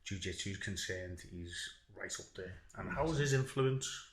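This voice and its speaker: A man's voice: sits low, animated, normal speed. A man hosting an interview, asking questions in an easygoing, casual way and agreeing often. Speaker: host. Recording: echoey room.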